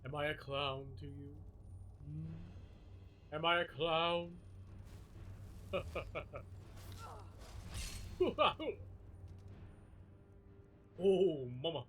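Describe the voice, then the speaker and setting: A deep, smooth male radio announcer, played by a man streaming a game, dropping his voice as low as it will go and stretching out each word in a manly drawl. It is a deliberate, exaggerated put-on. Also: steady tone, a little hiss or hum. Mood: mock-serious.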